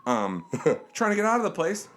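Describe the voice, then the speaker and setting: A man chatting on a podcast who tells stories with a lot of color. His pitch rises and falls as he plays the other people in the tale. The talk is loose and casual. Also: wildly swooping pitch, moderate pace, fairly bright tone. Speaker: comedian guest. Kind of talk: casual podcast chat, animated storytelling.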